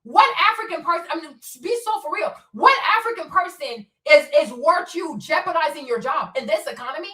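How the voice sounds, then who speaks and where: A woman's voice: sits high, lively intonation, a little fast, hardly any pauses, bright, forceful tone, reverberant, far from the mic. A woman hosting her own commentary show, scolding bluntly with profanity and rhetorical questions. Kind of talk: opinionated solo commentary.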